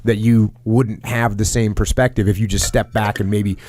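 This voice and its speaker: A man's voice: lowish voice, fairly even intonation, normal speed, darkish tone, slight background noise. A man hosting a podcast, telling a military training story casually with lots of jargon and restarts. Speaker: podcast host.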